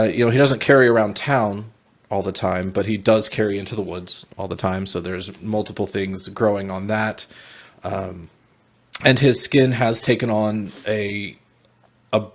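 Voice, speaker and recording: A man describing his character in a tabletop game, halting with many fillers and restarts. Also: fairly low pitch. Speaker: player.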